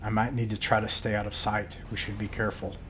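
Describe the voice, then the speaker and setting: A man's voice: lowish voice, flat delivery, fast, a little hiss or hum, natural voice. Man als behoedzame jonge vrouw, gedempt. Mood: hushed, cautious. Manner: hushed and cautious. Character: wary young woman hiding from danger.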